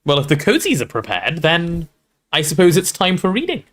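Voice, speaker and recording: A man reading a storybook aloud to a livestream audience in an expressive, relaxed storytelling manner. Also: a little high, moderate pace. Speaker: streamer reading aloud to chat.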